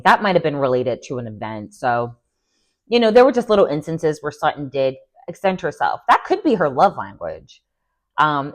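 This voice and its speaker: A young woman giving an opinionated, chatty recap of a reality show, often quoting the cast in lively voices. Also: extremely low pitch. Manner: chatty, opinionated, quotes people in animated voices. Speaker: recap vlogger. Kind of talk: casual recap commentary.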